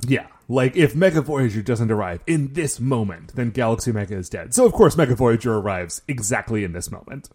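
Animated man recapping a show. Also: medium pitch, a little fast, hardly any pauses, husky. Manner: animated, acts out quotes, many "like" fillers. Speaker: podcast co-host. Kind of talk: casual chat recapping a show.

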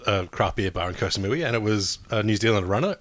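A man co-hosting a casual chat, an animated storyteller who swears and acts out the people in his stories. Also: on the low side, fast, dry recording.

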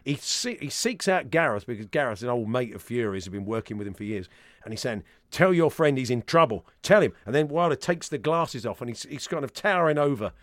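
A man's voice: mid-range voice, lively intonation, fast, fairly bright tone, no room sound. A man hosting a sports talk radio show in the studio, chatting and telling jokey stories.

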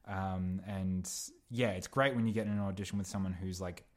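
A man's voice: deep voice, fairly even intonation, moderate pace. A young man, an actor guest on a podcast, chatting casually and meandering through his thoughts with lots of fillers and restarts. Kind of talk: casual chat.

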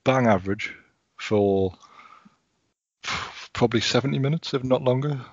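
A man's voice: mid-range voice, normal speed, husky, no echo. A man talking football on a podcast, wry and rambling, often restarting his sentences. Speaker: podcast pundit. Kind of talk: casual football chat. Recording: muffled lo-fi audio.

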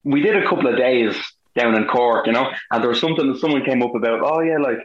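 A man's voice: medium pitch, quick pace, reverberant, highs cut off. An Irish man, an actor being interviewed, chatting casually and acting out the quotes in his stories. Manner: animated storyteller, acts out quotes. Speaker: guest, actor. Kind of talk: casual chat.

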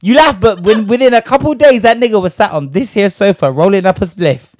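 A young man telling a story in casual chat, brash and profane, ranting with lively energy. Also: high-pitched, quick pace, dry recording, studio quality.

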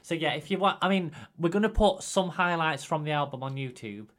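A man hosting a comedy podcast in a dry, dismissive deadpan, often hesitating with ums. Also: a little high, brisk. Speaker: podcast host.

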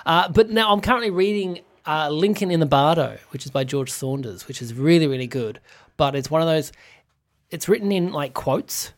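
A man guests on a podcast, rambling through his thoughts with easy enthusiasm. His voice is slightly high for a man. The talk is loose and conversational. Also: expressive, moderate pace. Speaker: comedian guest. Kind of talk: casual chat.

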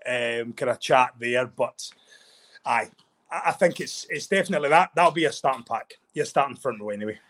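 Give me an animated Scottish man who gets worked up and repeats himself. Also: medium pitch, moderate pace. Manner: excitable, animated, repeats words, restarts. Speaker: guest, former rugby player. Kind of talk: casual chat.

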